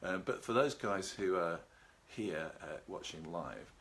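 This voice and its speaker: A man hosting a live video talk on relaxation, speaking calmly and unhurriedly and greeting viewers by name. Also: low voice, unhurried, a little hiss or hum. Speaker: seminar host. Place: at home with a garden behind.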